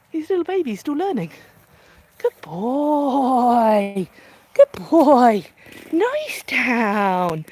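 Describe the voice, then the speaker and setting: A woman dog trainer giving a live demonstration, calmly explaining each step and breaking into high, gushing praise for her dog. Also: slightly rough.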